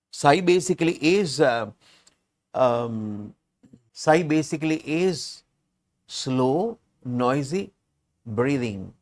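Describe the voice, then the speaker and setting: Give me a patient male English teacher who talks slowly, repeats words and reads a story line by line. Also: a little high. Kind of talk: language lesson, reading and explaining a story.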